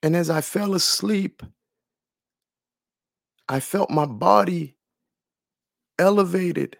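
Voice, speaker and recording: A man's voice: high-pitched, slow, vocal fry, no echo, studio quality. A man sharing a personal faith testimony in an earnest, emotional way, repeating phrases for emphasis. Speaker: testimony speaker.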